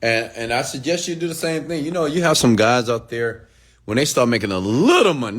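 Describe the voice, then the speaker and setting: An animated man in a casual late-night rant who talks straight to his viewers. His pitch swings a lot, and he jumps into high, mocking voices to act out other people. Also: brisk. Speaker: online entrepreneur and mentor.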